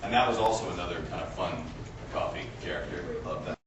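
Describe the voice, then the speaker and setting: A man, a voice actor, chatting with fans on a convention panel, telling stories and breaking into loud screams and character voices. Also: sits low, quick pace. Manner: animated, breaks into screams and voices mid-story. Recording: echoey hall, distant mic, loud crowd noise.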